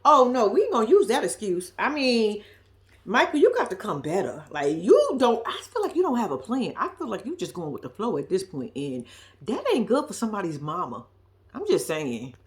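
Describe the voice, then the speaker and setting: Lively, sassy woman doing a recap. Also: mid-range voice, normal speed. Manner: blunt, profane, sassy, talks straight to viewers. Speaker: reality TV recap vlogger. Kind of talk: casual recap commentary.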